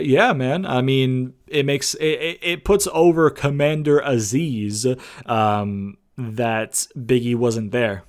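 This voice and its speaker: A man giving a casual, rambling spoken review of a wrestling show, with many fillers and casual swearing. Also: medium pitch. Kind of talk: casual recap commentary.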